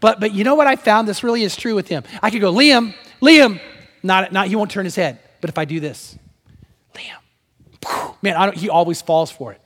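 An older man preaching a sermon as pastor, swinging from loud emphatic storytelling to hushed near-whispers. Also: high voice, racing, hardly any pauses, long reverb tail.

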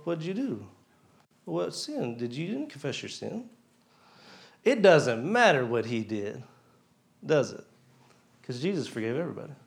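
A man's voice: mid-range voice, vocal fry. A man giving a casual testimony at a church service, chatty and chuckling, often asking the crowd questions. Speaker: lay speaker giving a testimony. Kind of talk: informal church talk.

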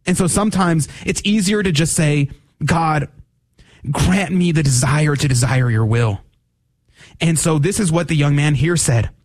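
Man, radio host, earnest gospel commentary, slightly high voice, studio mic. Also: a little slow. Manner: earnest, preaching, rises in pitch for emphasis.

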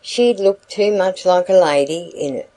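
A wheedling male packman with a broad country dialect, as a woman reader puts him on. He rolls out his coaxing sales patter at an unhurried pace in a low, mellow voice, all flattery and mock reluctance. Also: close to an everyday voice, low-quality recording.

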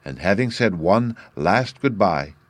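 A man reading a storybook aloud as an audiobook narrator, calm and even. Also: deep voice, a little slow, dry recording.

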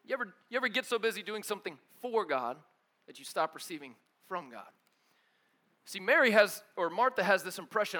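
High, bright-voiced energetic young preacher man. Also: fairly quick. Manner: casual, energetic preaching with slang like dude and bro; swings between loud emphatic bursts and quiet low asides. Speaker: pastor. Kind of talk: sermon.

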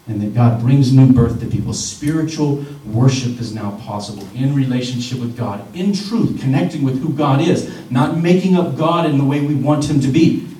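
A man in his thirties preaches in a loose, conversational way, tossing joking asides to his listeners. His voice sits in a middle pitch and is picked up from a distance. The hall around him is echoey, with a faint hiss underneath. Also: mellow. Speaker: pastor. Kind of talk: sermon.

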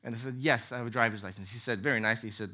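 A male preacher with a strikingly bright, clear-edged voice delivers a sermon. He teaches in an earnest, emphatic way and slips easily into lively storytelling. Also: medium pitch, rapid-fire.

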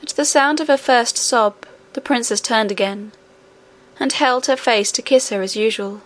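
A woman narrating a classic children's fantasy novel in a calm, measured way. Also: on the high side. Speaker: audiobook narrator.

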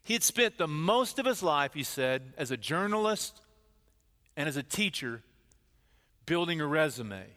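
Pastor, male, high and bright tone, animated storytelling sermon, long church reverb. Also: a little slow, pauses often. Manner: animated storyteller, acting out quoted voices.

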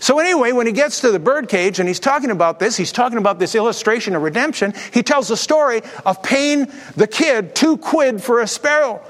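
A man's voice: very high-pitched, expressive, fairly quick, hardly any pauses, a bit bright. A man preaching a sermon, telling stories with jokey asides and acting out the voices of the people in them. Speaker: pastor. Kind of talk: sermon with storytelling and jokes. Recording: long hall reverb.

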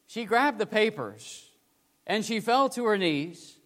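Male preacher, dramatic sermon storytelling, high voice, long hall reverb. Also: very animated, moderate pace. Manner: dramatic, swings from loud to hushed.

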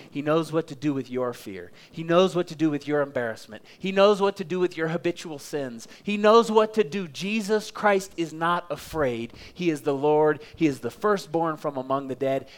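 A middle-aged male pastor from Oklahoma preaching a sermon, emphatic and dramatic, building his points with repetition. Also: medium pitch.

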